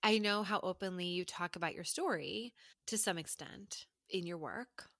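This is a woman co-hosting a candid podcast conversation. Her voice sits on the low side, and she is gentle, affirming and openly emotional. The recording is dry, with no room sound. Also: moderate pace, no room sound. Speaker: podcast co-host.

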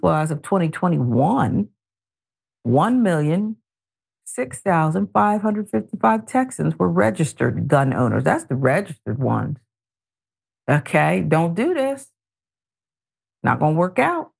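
A middle-aged woman hosting a news talk show, reading stories and adding pointed, animated commentary. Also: on the low side, measured pace, vocal fry, long pauses, slightly rough. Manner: animated, editorializing with pointed asides.

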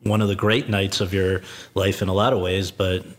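A man hosts an interview and frames his questions at length. He speaks in a measured, thoughtful way, restarting phrases as he thinks. His voice sits on the low side. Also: flat delivery. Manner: measured, reads quotes, thinks aloud with restarts. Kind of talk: conversational interview.

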